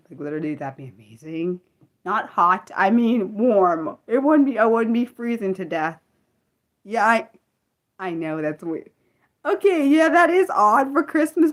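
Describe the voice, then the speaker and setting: A woman's voice: fairly high pitch, very animated, measured pace. A young woman from the United States hosting an unscripted livestream, rambling with many fillers and restarts as she chats with viewers. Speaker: livestream host.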